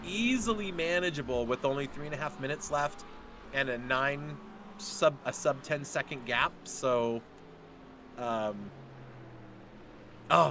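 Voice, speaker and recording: A man giving chatty, excitable live commentary on a sim race. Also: fairly high pitch, background noise. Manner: chatty, excitable, quick to laugh.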